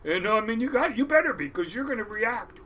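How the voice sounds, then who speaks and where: A middle-aged man from Washington State, a crab boat captain telling stories in a casual interview, animated, swearing freely and restarting often. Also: high-pitched, fast, slightly rough.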